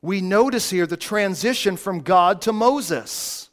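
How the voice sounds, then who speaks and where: A man preaching a sermon, slow and emphatic, with dramatic pauses. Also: high voice. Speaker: pastor.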